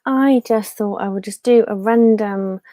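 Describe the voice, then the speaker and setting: A woman's voice: medium pitch, a little slow, dark tone, dry recording. A young adult woman hosting a casual live stream from a room at home, chatty and rambling, with many fillers and restarts.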